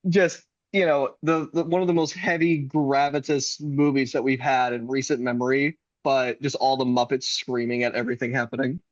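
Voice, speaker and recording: A man's voice: mid-range voice, level tone, moderate pace, hardly any pauses, no echo. A man co-hosting a podcast who chats playfully, laughing easily and agreeing enthusiastically. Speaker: podcast co-host. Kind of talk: casual chat. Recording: dull dry lo-fi mic.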